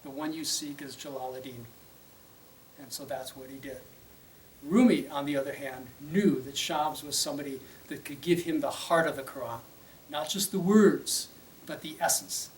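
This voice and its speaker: A man's voice: on the high side, moderate pace. Man telling a teaching story, distant roomy mic. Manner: conversational, with fillers and check-ins. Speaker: religious teacher. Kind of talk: storytelling lecture.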